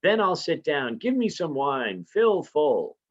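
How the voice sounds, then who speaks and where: A man reading aloud the lines of a shaken king trying to cover his fear, reciting verse in a raised, hurried way. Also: fairly high pitch, lively intonation, a bit bright, voice pushed up, exaggerated voice. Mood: forced cheer. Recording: slightly muffled lo-fi recording.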